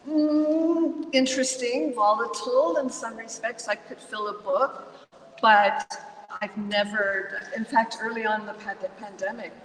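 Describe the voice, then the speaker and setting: A woman's voice: on the high side, measured pace, recorded from a distance, a little hiss or hum. Chatty American woman in an echoey hall. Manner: chatty, animated storyteller. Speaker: volunteer guest. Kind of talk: live event conversation.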